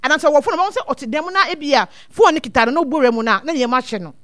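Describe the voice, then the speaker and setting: A woman with a high, bright-pitched voice talks earnestly as a guest speaker, often circling back over her words. The sound is dry and close, with no room around it. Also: lively intonation, racing, no echo. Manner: earnest, repeats words as she thinks. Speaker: guest speaker on child welfare. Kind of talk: casual advice talk mixing two languages.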